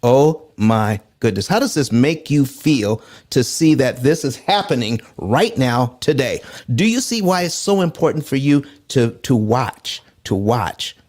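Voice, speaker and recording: A man hosting a live finance show, talking excitedly to his audience, reading out chat comments and repeating himself as he works through loan numbers. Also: mid-range voice, a little slow, few pauses. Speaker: host.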